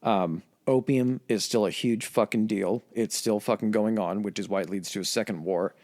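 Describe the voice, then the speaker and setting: A man's voice: on the low side, normal speed, a little mellow, dry recording, clean studio sound. A man co-hosting a casual, comedic history podcast, profane and conversational. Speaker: podcast co-host.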